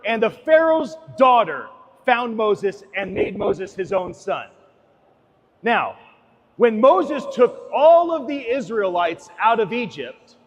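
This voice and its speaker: High-voiced man preaching in a hall. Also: highs cut off, a little hiss or hum. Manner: dramatic, swings between loud and hushed. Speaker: speaker giving a talk. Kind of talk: impassioned sermon-like talk.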